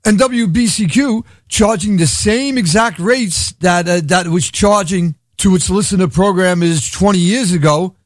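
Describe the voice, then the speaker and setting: A man's voice: sits high, unhurried, hardly any pauses, dry recording, clean studio sound. A man with a Brooklyn accent hosting a radio show, rambling sardonically and laughing at his own jokes. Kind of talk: irreverent comedic radio monologue.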